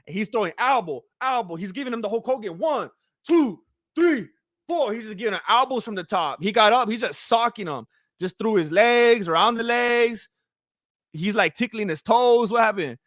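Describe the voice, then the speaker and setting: A man giving casual, excitable live commentary on a fight, joking and teasing the fighters as he watches. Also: high voice, brisk, no room sound, clean studio sound.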